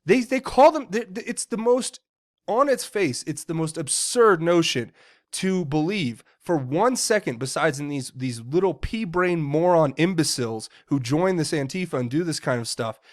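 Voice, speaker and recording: A man's voice: fairly high pitch, lively intonation, normal speed. A man giving heated political commentary, indignant and often stumbling and repeating words.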